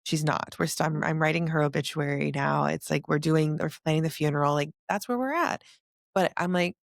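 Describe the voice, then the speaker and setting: Low gravelly woman host, earnest, talks in quick bursts, dry close sound. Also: no room sound. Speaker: podcast host. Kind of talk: casual conversation.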